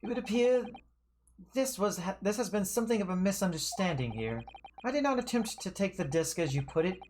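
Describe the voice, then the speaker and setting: A streamer voicing a haughty middle-aged gentleman from a text game, stiff and formal. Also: mid-range voice, lively intonation, brisk, a little hiss or hum, voice pushed up, natural voice. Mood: defensive. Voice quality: stiff, formal, self-important delivery.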